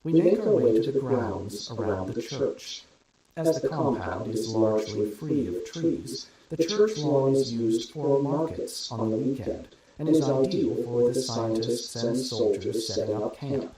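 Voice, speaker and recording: A man narrating a first-person story at a steady, even storytelling pace. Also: mid-range voice, measured pace. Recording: very echoey room with crowd noise.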